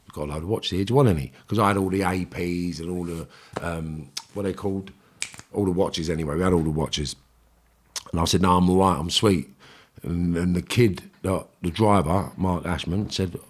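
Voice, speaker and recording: A middle-aged man with a London accent, a podcast guest telling stories in casual chat, blunt and full of swearing. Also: low-pitched. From England. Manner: blunt, swearing, acts out quotes in raised voice.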